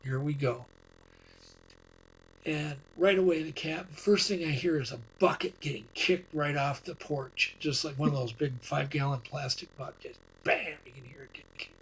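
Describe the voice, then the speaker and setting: Rambling storyteller man, slightly higher voice. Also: moderate pace, vocal fry, hardly any pauses, a little hiss or hum, low-quality recording. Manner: rambling, restarts and repeats words as he tells a story. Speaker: guest. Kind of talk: casual storytelling in a podcast interview.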